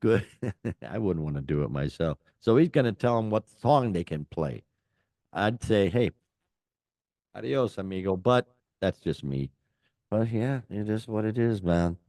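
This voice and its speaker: Older guy rambling on a rock podcast, lowish voice, dead dry mic. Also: expressive, unhurried, darkish tone, dry recording. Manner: rambling, jokey, lots of fillers. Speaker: podcast co-host. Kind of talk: casual chat.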